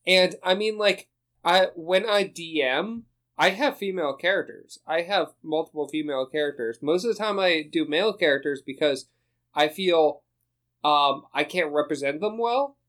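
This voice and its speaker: A man with a slightly high voice rambles through a casual group chat about running tabletop games. He laughs often and circles back on his own words. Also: normal speed, a bit bright. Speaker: podcast co-host, dungeon master.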